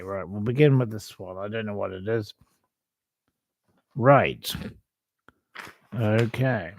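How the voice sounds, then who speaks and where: A man's voice: fairly low pitch, a little mellow, no room sound. A man hosting a casual live stream, chatty and apologetic, swearing now and then as he runs a quiz over a computer microphone. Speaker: livestream host. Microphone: computer webcam mic.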